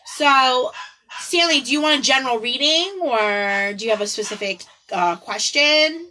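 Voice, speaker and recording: A woman giving casual tarot readings on a livestream, chatty and giggly, dropping into soft prayers to her spirit guides. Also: a little high, expressive, moderate pace, a little hiss or hum, poor audio. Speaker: tarot card reader. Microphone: phone or computer on a live video stream.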